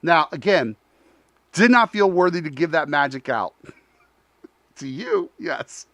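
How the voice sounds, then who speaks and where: A man hosting a talk show, telling a story in a lively, animated way, acting out both sides of a conversation and talking straight to his audience. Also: a little high, unhurried, no room sound. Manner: frequent restarts, addresses audience as y'all.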